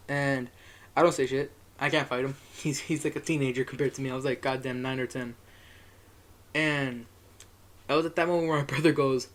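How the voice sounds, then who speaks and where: A man's voice: a little high, quick pace. A young man telling a rambling, profane story in a casual monologue, chuckling as he goes.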